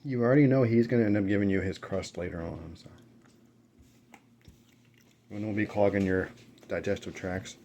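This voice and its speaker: A man's voice: on the low side, steady tone, moderate pace, long pauses, mellow, slight background noise. A man chatting casually while eating on camera at home, rambling through stories with fillers and self-corrections. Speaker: mukbang vlogger. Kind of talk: casual eating chat and storytelling. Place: at home with dogs nearby.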